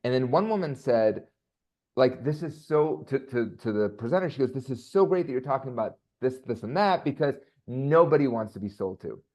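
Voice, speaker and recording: A man talking casually as an interview guest, animated and chatty with quick asides. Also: mid-range voice. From United States.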